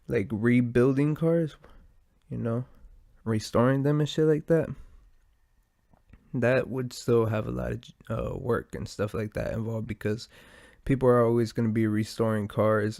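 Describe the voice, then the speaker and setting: Gravelly, stuffy-nosed man rambling profanely. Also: on the low side, darkish tone, no room sound, studio quality. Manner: profane, meandering, laid-back. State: stuffy nose, out of breath. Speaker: podcast host. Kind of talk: casual rambling monologue.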